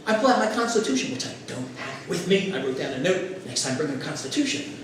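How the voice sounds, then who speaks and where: A man giving a stump speech as a political candidate, an animated storyteller who acts out quotes, recorded by a far camera in a former classroom. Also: a little high, fast talker. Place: former classroom at a local meeting. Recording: echoey room, far camera, noise.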